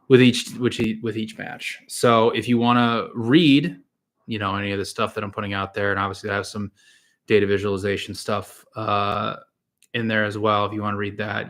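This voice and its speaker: A man's voice: on the low side, a bit bright. A man hosting a solo soccer podcast, talking casually with many fillers and restarts. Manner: rambling, frequent fillers and restarts. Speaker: podcast host and soccer analyst.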